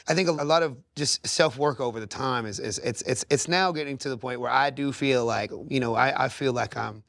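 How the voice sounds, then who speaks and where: A man's voice: medium pitch, brisk, vocal fry, a bit bright, dry recording, clean studio sound. A man in his thirties, a singer talking candidly as a podcast guest, rambling and earnest with many restarts. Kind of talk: candid conversational interview. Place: podcast studio.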